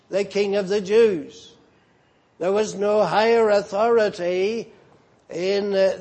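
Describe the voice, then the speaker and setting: Slow, high-voiced male preacher. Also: darkish tone. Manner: deliberate, asks rhetorical questions, pauses with fillers. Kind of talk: sermon.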